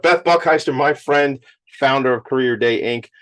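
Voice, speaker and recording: At a school event, a male podcast host with a medium-pitched voice runs a lively interview at a moderate pace. He's enthusiastic and effusive, sometimes getting emotional.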